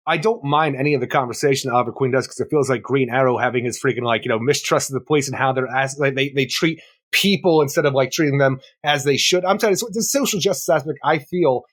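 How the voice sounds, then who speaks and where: A man's voice: medium pitch, a bit bright. A man co-hosting a comic book podcast, giving rambling opinions in casual review chat. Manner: quick, rambling opinions with many fillers. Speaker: podcast co-host.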